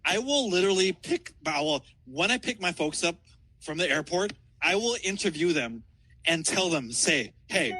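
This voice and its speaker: A man's voice: fairly high pitch, pushed and bright, a little hiss or hum, poor audio. A man calling in from outdoors downtown, telling a rambling, profane story with frequent laughter. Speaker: caller. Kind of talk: casual storytelling.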